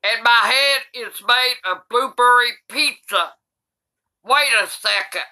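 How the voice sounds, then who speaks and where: Cranky old grandma cussing nonstop while she reads, slow drawl, really piercing bright voice. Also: a little high. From United States. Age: older. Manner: cranky, swears constantly, shouts in outrage. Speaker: comedy YouTuber grandmother. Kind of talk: comedic reading aloud.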